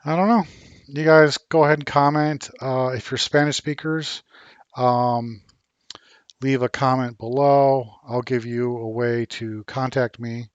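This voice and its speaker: Casual male vlogger, unhurried and hesitant, filler-heavy delivery, dry close sound. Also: medium pitch, steady tone, smooth, no echo, muffled recording. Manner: slow, halting, many ums and restarts. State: a bit worn out. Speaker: vlogger learning Spanish. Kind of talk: casual vlog chat.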